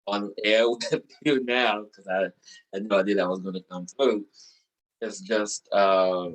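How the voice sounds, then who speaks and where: A man with a very low, flat voice talks slowly and haltingly, pausing often to find his words. He speaks casually over an online call. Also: poor audio. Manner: slow, halting, searching for words. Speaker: guest. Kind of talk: casual spiritual conversation. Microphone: video call.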